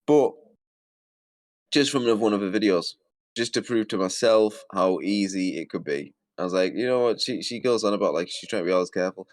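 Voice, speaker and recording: A man with a low voice rants through video commentary, swearing constantly and sounding exasperated. The recording is dry and close. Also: brisk, dry recording. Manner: profane, exasperated ranting. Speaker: commentary host.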